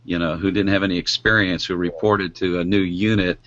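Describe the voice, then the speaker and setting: Casting: older man, very low voice, folksy anecdotes, muffled lo-fi sound. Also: fairly even intonation, fairly quick, a bit bright, slight background noise. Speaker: podcast co-host. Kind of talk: casual chat. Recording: dull lo-fi podcast audio.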